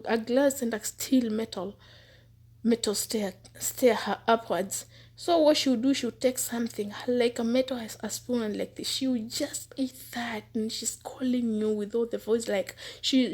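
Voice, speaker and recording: Earnest woman with a slightly high voice. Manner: earnest, repeats words for emphasis, slips into hushed asides. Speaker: former housemaid telling her experience. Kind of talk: personal testimony, casual storytelling.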